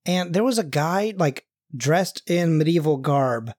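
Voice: medium pitch, expressive, a little slow, darkish tone, no echo, clean studio sound. A young adult podcast host chatting casually, rambling and joking with many restarts. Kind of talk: casual chat.

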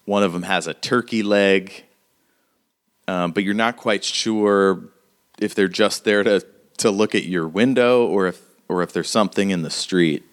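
Low-voiced man narrating a tabletop game. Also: a little slow, clear, resonant tone. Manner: descriptive, with many fillers. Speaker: game master.

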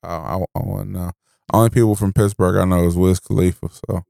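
A man's voice: low-pitched, steady tone, fairly quick, vocal fry, a little mellow, dry recording, studio quality. A man co-hosting a podcast in casual chat, blunt, profane and joking. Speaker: podcast co-host.

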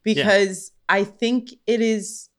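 A woman co-hosting a podcast, chatting casually and reacting quickly. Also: mid-range voice, steady tone. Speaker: podcast co-host. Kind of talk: casual chat.

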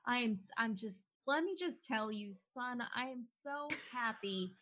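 A woman's voice: sits high, fairly bright tone, breathy edge, exaggerated voice. A woman doing an earnest proud dad. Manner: heartfelt, halting. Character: proud, earnest middle-aged father.

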